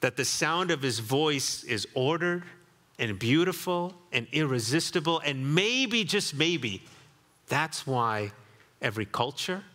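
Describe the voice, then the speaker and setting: A man's voice: mid-range voice, bright, forceful tone, big-room sound. A man preaching a sermon as pastor, reflective and building to emphatic repetition, in a church sanctuary.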